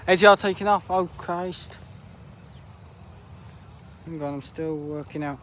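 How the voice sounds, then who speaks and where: A teenage boy with a slightly high voice, rambling through casual live commentary on the planes. He chats loosely and laughs a lot. He was recorded outdoors at an airport viewing park, with faint hiss and traffic noise around him. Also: unhurried, long pauses, fairly bright tone. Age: teens. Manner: chatty, rambling, laughs often. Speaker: planespotting livestreamer.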